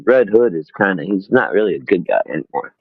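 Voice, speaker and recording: A man's voice: low voice, animated, a little fast, vocal fry, over a noisy crowd. A man co-hosting a casual livestream chat over a remote call, talking in a laid-back, hesitant way. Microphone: remote call audio. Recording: dull lo-fi remote call audio.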